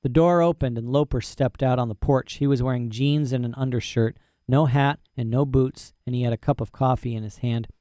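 A man's voice: medium pitch, fairly even intonation, a little fast, few pauses, dark tone, dry recording, clean studio sound. A man narrating a story in first person with a folksy, boastful manner and rural dialect grammar. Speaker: audiobook narrator.

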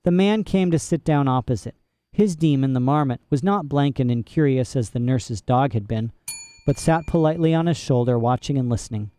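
A man narrating a novel in a measured storytelling manner. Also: medium pitch, dark tone, no echo. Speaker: audiobook narrator. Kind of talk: scripted narration.

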